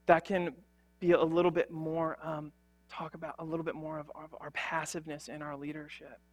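A man's voice: fairly high pitch, flat delivery, fairly quick. A young man preaching a sermon as a pastor, earnest and conversational, with frequent fillers and restarts.

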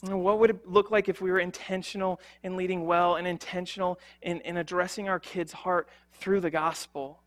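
Earnest young male preacher, high voice. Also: flat delivery, a little fast, few pauses, fairly bright tone. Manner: earnest, conversational, with frequent fillers and restarts. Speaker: pastor. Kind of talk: sermon.

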